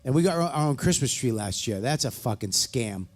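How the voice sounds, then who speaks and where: A middle-aged man trades jokes on a live comedy podcast as the guest. He rants, and his complaints come thick with swearing. His voice sits at an ordinary pitch for a man. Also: lively intonation, a little fast. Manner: profane, ranting and joking.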